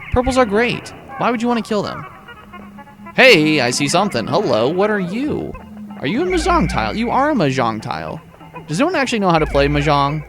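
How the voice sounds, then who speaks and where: A man's voice: a little high, a bit bright. A young man hosting a casual let's-play, chatty and rambling with playful asides to his viewers. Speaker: gaming channel host.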